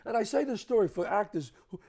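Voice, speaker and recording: A man with a New York accent telling animated, profane stories as a guest at a home, acting out the other people in them. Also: high voice, fast, creaky, husky. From the Bronx, New York. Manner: emphatic, profane, acts out other people's lines. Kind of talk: animated storytelling.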